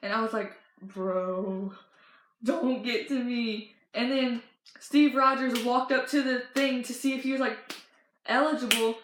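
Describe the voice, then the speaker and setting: A teenage girl vlogging about movies she loves, telling stories in a gushing, excited way with lots of fillers and restarts. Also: sits high, moderate pace, echoey room, a little hiss or hum, poor audio. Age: teens. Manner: gushing, breathless storytelling with many fillers and restarts. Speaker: fan vlogger. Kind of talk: excited casual chat.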